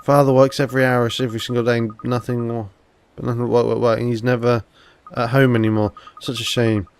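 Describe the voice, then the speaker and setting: A man's voice: medium pitch, flat delivery, brisk, a little hiss or hum, lightly acted. A man doing a gossipy old neighbor woman. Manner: gossiping, fussing. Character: gossipy older female neighbor.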